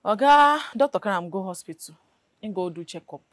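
A woman plays a plain-spoken housekeeper with a Nigerian Pidgin accent, answering flatly and directly. The sound is dry and close, with music behind. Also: mid-range voice, fairly quick, no echo, close to an everyday voice. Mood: matter-of-fact.

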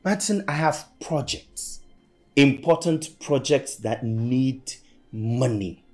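An actor playing a stingy young boyfriend who scolds and lectures about money. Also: male voice, dark tone, close to an everyday voice. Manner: preachy, scolding, rising to shrill emphasis.

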